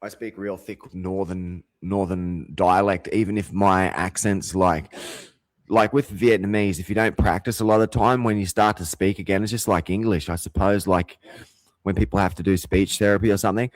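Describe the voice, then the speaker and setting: A man's voice: low-pitched, steady tone, normal speed, no echo. A man hosting his own show, talking in a heated, profane, rambling monologue full of restarts and swearing. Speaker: show host.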